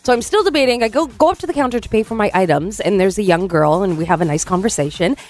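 A woman co-hosting a morning radio show, telling a story in an animated, chatty way and acting out the voices. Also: mid-range voice, fast talker, soft background music. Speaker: radio co-host.

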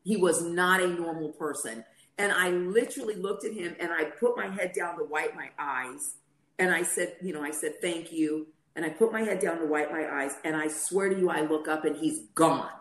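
A woman's voice: lowish voice, moderate pace. A middle-aged woman co-hosting a faith talk show, telling a personal story and acting out the dialogue. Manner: storytelling, acts out quoted dialogue. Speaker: podcast co-host. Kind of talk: personal testimony in casual chat. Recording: roomy echo.

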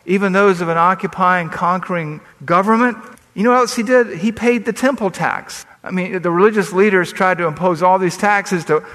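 A man's voice: sits high, fairly bright tone. A man preaching a sermon as pastor, emphatic and building up as he reads scripture aloud. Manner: emphatic, rising into scripture readings. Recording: long reverb of a large hall.

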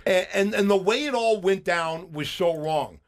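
High-pitched male radio co-host telling stories. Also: unhurried. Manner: animated storytelling with frequent fillers and restarts. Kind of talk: casual radio chat.

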